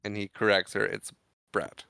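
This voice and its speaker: A fairly low-pitched male voice holds a level tone with vocal fry, bright and pushed, clear and resonant, and free of echo. As one of a podcast's co-hosts, he casually retells a film one scene at a time, wandering a bit and tossing in quick acted quotes.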